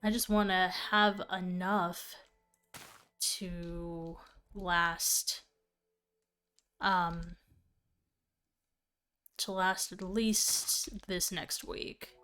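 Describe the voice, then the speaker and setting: A woman's voice: lowish voice, steady tone, very slow, long pauses, bright, forceful tone, clear, resonant tone, faint music behind. A young woman casually chatting and thinking aloud while she plays a game on stream. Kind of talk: casual gameplay commentary.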